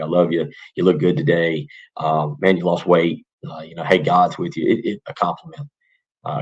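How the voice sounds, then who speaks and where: Podcast host in his forties, very deep husky voice, earnest and rambling, dull lo-fi recording. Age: 40s. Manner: earnest, rambling, with many restarts and fillers. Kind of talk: casual morning podcast talk.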